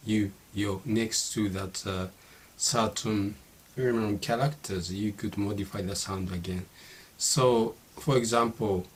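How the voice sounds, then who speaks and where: A middle-aged man from Japan with a Japanese accent, whose first language is Japanese, teaching a casual spoken lesson and pausing often with "you know" and "uh". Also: on the low side, slightly rough. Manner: halting, many fillers like "you know" and "uh".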